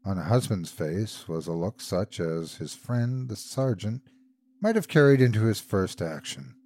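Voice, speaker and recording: A man narrating a classic horror story in a measured, grave way as host. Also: fairly low pitch, lively intonation, darkish tone. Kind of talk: scripted narration.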